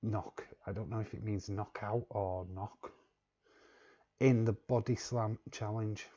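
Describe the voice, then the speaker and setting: Slow, low-voiced English quiz host. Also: male voice, steady tone, warm tone, muffled recording. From England. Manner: joking, chuckling, repeats words while reading chat. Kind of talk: casual live-stream chat.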